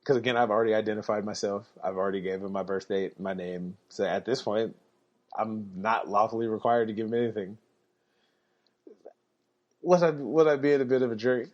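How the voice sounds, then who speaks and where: A man's voice: on the low side, fairly even intonation, brisk, muffled recording. A man telling a story in a laid-back way on a podcast, laughing now and then. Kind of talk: casual storytelling.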